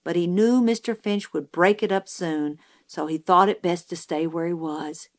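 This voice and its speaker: Reading from a novel, this woman narrates the audiobook with measured storytelling, her voice on the low side and steady in tone.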